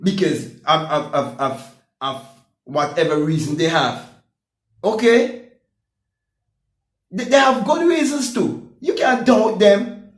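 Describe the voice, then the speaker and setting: A man preaches his views in an emphatic, repetitive monologue. His voice sits high for a man, and he keeps checking in with "okay?" as he talks. The recording carries a roomy echo. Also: slow pace, pauses often. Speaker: vlogger.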